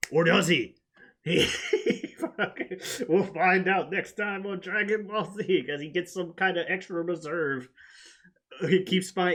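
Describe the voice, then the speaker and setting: A man's voice: sits high, fairly bright tone. Laughing, foul-mouthed man recapping casually. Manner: laughs often, swears freely. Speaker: podcast host.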